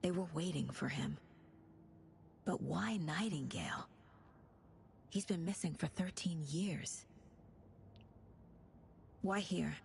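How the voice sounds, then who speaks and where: Calm woman profiler in a game: lowish, gravelly, analytical. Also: slight background noise. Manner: measured, analytical. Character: composed woman FBI profiler. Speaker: FBI profiler. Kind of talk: video game dialogue.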